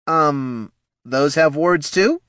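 A man's voice: a little high, extremely slow, fairly bright tone, no room sound, studio quality, voice pushed up. A man voicing a nervous young male guard who talks big and stammers when pressed. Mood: flustered. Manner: boastful then flustered, stammering.

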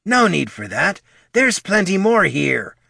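A man's voice: high-pitched, very animated, unhurried, creaky, sharp tone, breathy edge, no echo, clean studio sound, far from the mic, pitched above the performer's own voice, exaggerated voice. A man voicing a gap-toothed male kobold who talks in an easygoing, placating way.

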